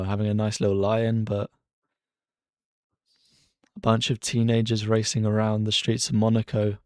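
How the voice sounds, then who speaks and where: A man streaming casual live race commentary from his bedroom, chatty and excitable as he cheers drivers on. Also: on the low side, dry recording, studio quality. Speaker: streamer hosting a racing watchalong. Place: bedroom at home.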